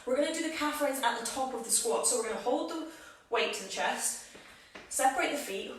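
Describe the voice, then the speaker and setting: A woman fitness coach leads a workout from her home, counting down each set with upbeat cues and chatty asides. She is out of breath, and her fairly high voice sits well back from the mic in a very echoey room with a little noise behind. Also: recorded from a distance. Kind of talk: live workout instruction.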